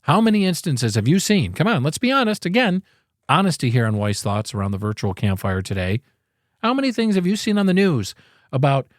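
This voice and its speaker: A man's voice: on the high side, dry recording, clean studio sound. A man hosting a casual solo podcast, speaking emphatically and in a preachy way into a podcast microphone. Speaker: podcast host.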